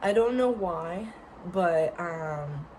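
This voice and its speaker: A woman's voice: on the low side, lively intonation, extremely slow, dark tone, a little hiss or hum, low-quality recording. A woman vlogger with a stuffed-up nose, chatting casually to her camera, apologetic and laughing often. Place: vacation lodging.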